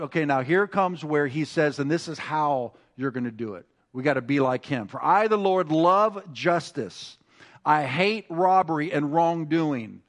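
Delivering a sermon, this male pastor has a voice on the high side. He moves between soft, chatty asides and swelling, forceful calls to action, restarting himself frequently.

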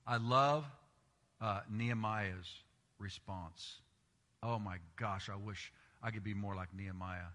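A man's voice: fairly low pitch, steady tone, a little slow, sharp tone. A middle-aged man preaching a sermon as pastor, telling stories animatedly and acting out the voices he quotes. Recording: long reverb of a large hall.

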